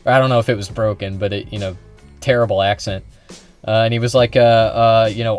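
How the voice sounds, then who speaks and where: A man's voice: on the low side, steady tone, fairly quick, soft background music. Sarcastic rambling man, streamer commentary. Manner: sarcastic, rambling, swearing, many restarts. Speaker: reaction streamer.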